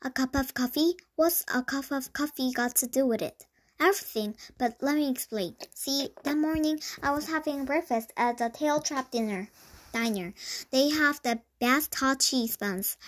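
A woman reads a children's storybook aloud in a lively way, sometimes tripping over a word. Her voice sits a little high. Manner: lively storytelling with small stumbles. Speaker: storybook reader. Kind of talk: reading a children's book aloud.

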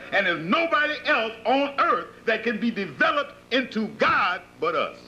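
Man, preacher, high voice, swooping delivery, emphatic and repetitive, dull lo-fi 1980s tape, faint hiss. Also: sharp tone. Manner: emphatic, repetitive rhetorical questions. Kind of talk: sermon-like lecture to followers.

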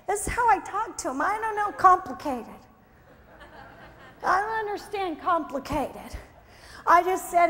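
A woman preacher with a very high voice, talking slowly and exuberantly. She shouts exclamations and laughs often. The sermon rings through a large echoing hall with a faint crowd in the background. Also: animated. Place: conference hall.

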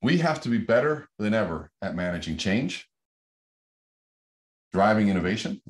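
Low-voiced man giving an emphatic motivational talk. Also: very animated, normal speed, breathy edge. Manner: emphatic, conversational, repeats points. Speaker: speaker.

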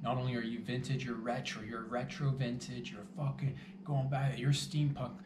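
A man's voice: mid-range voice, little pitch movement, moderate pace, recorded from a distance. A man hosting his own show, talking in a rambling, playful, self-mocking way and swearing freely. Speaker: host. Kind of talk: casual comedic monologue. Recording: echoey room, voice from off the mic, noisy background.

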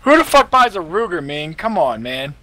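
A man's voice: sits high, big pitch swings, normal speed, sharp tone, slight background noise. A man in voice chat during an online role-play game, brash, profane and taunting. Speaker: gamer in role-play server.

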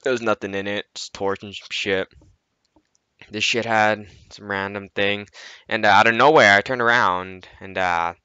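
A man's voice: on the low side, fairly even intonation, normal speed, pushed and bright, clear, resonant tone, no echo, lo-fi sound. A man narrating his gameplay in a casual, rambling way, swearing constantly. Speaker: gameplay commentator.

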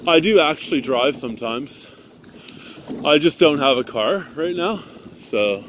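A man's voice: on the high side, fairly bright tone, slight background noise. A man, a little out of breath, ranting and swearing casually to viewers while cycling outdoors in winter, recorded on a handheld phone. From Canada. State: slightly out of breath. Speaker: vlogger. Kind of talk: casual ride-along vlog. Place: outdoors on a bicycle in winter traffic.

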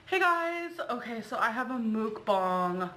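A woman vlogging casually to camera, chatty and excitable with frequent giggles. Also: a little high, a little slow, poor audio.

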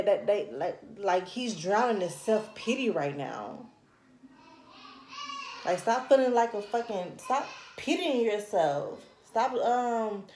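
A woman's voice: medium pitch, a little mellow, roomy sound, slight background noise. A woman reading tarot to camera in a blunt, scolding, heavily profane casual manner. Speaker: tarot reader.

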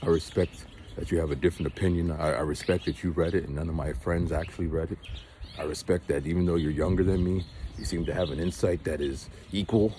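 A man imitating an older philosopher who speaks in a measured, patronizing way. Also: deep voice, fairly even intonation, mellow, a little hiss or hum, pitched below the performer's own voice, natural voice.

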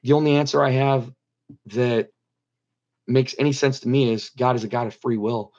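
A man's voice: medium pitch, fairly even intonation, normal speed, a little mellow, muffled recording. A middle-aged man earnestly telling a personal story as an interview guest, repeating phrases for emphasis. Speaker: guest telling his near-death story.

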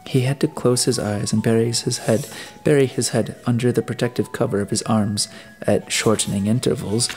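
A man narrating an audiobook in a deliberate way, now and then restarting a phrase. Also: medium pitch, steady tone, a little mellow, faint music behind. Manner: deliberate reading with occasional restarts. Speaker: audiobook reader.

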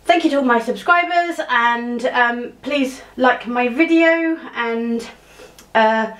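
A woman chatting casually to camera as she does her makeup, rambling with many fillers and restarts, recorded on a cheap clip-on mic at home. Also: mid-range voice. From England. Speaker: beauty vlogger. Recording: echoey room sound.

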